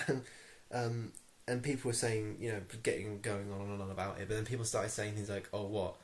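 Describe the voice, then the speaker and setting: A man's voice: on the low side, little pitch movement, fairly quick. A young man with an English accent, ranting to camera in a vlog, irritated and rambling with many ums and restarts. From England. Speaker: vlogger.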